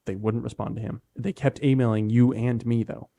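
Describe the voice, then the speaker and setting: A young man co-hosting a podcast, telling a story in relaxed, self-deprecating casual chat. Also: mid-range voice, moderate pace, creaky. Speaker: podcast co-host.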